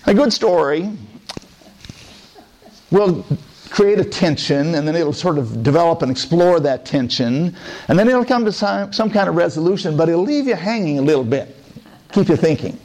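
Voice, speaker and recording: A man telling parable-like stories in a relaxed, conversational way, then reflecting on them. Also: on the high side, moderate pace. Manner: relaxed, conversational storytelling with asides. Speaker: speaker. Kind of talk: storytelling talk.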